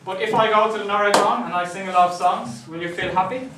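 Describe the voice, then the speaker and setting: A man's voice: high-pitched, fast, heavy background noise. A man from Ireland, giving a casual classroom lecture and often checking in with the students. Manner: conversational, checks in with "right?" often. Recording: echoey classroom, mic at a distance.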